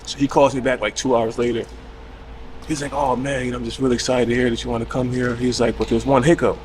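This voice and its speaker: A man in his thirties tells a story at a quick clip. He acts out everyone's lines with lively, loose energy and casual cursing. A faint ambience hangs behind him. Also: mid-range voice, slight background noise. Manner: animated retelling with quoted voices, casual cursing. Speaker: podcast guest.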